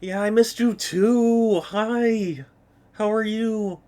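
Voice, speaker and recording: A man's voice: high voice, slow, mellow. A man streaming a video game, chatting casually and playfully with his viewers and laughing often. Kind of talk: casual live-stream chat.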